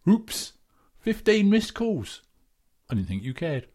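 A man's voice: high voice, very animated, slow pace, darkish tone, husky, exaggerated voice. An actor playing a teasing male friend putting on a northern English accent, mock-innocent. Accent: put-on northern English.

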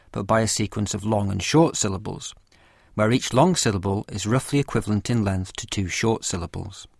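A man reading a scripted lesson with a measured, careful explanatory delivery. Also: fairly low pitch, gravelly, no room sound, studio quality. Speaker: teacher of poetry. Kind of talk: scripted lecture narration.

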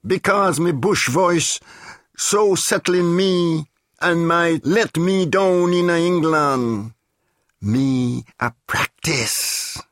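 A man's voice: a little high, drawn-out words, a bit bright, no echo, clean studio sound. A man reading as a Caribbean man who proudly drills himself in a proper English voice, declaiming and mimicking posh phrases. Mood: proud, determined. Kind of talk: dramatic reading.

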